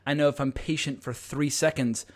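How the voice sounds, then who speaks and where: A man's voice: medium pitch, steady tone, normal speed. An American man hosting a casual podcast chat, enthusiastic, swearing casually and laughing often. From United States. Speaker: podcast host.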